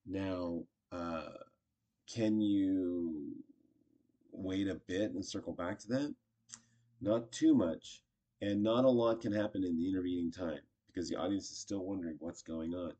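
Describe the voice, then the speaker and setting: A man's voice: deep voice, unhurried, warm tone. A man casually teaching improv, chatty and acting out short example lines. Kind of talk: casual instructional talk.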